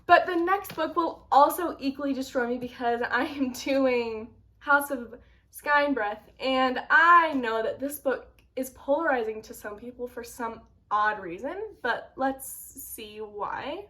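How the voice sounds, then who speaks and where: Brief: young woman, high voice, casual vlogger, expressive and dramatic. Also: unhurried. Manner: animated, dramatic outbursts of mock outrage. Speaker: book vlogger. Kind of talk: casual reaction vlog.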